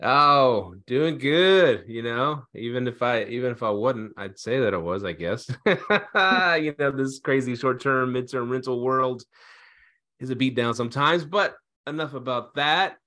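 A man hosting a casual podcast, relaxed and jokey, laughing often. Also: mid-range voice, a little slow. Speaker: podcast host.

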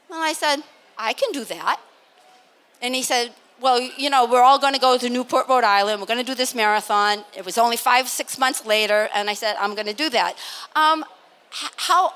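An older woman from Massachusetts telling a lively story as a guest on a live panel, laughing and acting out what people said. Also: on the high side. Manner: animated, laughing, acts out quotes. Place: live expo stage.

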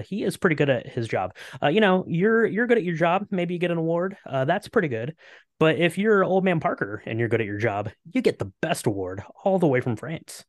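Man, casual film chat, filler-heavy, dry close sound, mid-pitched. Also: dry recording. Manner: chatty, many "uh" fillers. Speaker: podcast co-host. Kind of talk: casual movie discussion.

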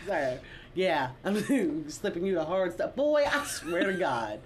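A woman's voice: fairly low pitch, takes it slowly, noisy background. A woman co-hosting a podcast in casual chat, telling stories with frequent laughter. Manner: laughs often, animated storytelling. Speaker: podcast co-host.

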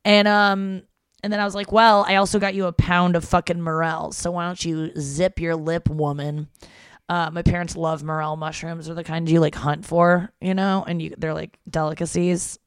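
Young woman podcaster ranting about her day, lowish smooth voice, dry close sound. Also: level tone, moderate pace, dry recording. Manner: rambling, irritated, swears freely. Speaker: podcast host. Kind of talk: casual monologue. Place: home.

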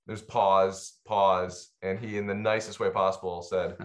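Man, film co-director, casual interview, hesitant, filler-heavy, lower voice. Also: level tone, slow pace.

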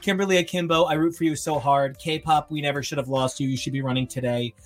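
A man's voice: fairly high pitch, fairly even intonation, fast talker, soft background music. Rambling, chatty young man telling a story. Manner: rambling storyteller, acts out quoted voices. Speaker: podcast co-host. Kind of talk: casual chat.

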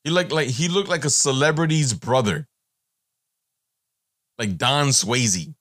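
A man's voice: mid-range voice, measured pace, fairly bright tone, no room sound, clean studio sound. A man hosting a podcast, giving a blunt, profane, rambling monologue with many fillers. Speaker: podcast host.

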